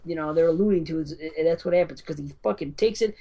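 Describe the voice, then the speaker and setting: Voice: medium pitch, quick pace, vocal fry, lo-fi sound. A podcast co-host retelling a film's ending in casual chat, rambling and swearing freely. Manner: profane, rambling storyteller. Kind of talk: casual film review chat.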